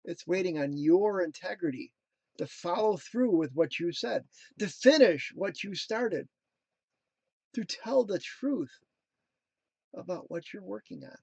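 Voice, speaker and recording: High-voiced playful motivational host, man. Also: lively intonation, a little slow, vocal fry, long pauses, a little mellow, husky, dry recording. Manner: playful, jokey asides, sings snatches. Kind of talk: casual motivational talk.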